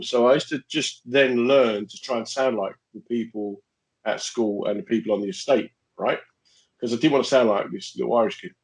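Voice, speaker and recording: A man's voice: medium pitch, low-quality recording. A man telling stories in a casual, jokey podcast chat. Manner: animated, jokey, laughs often. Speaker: podcast co-host.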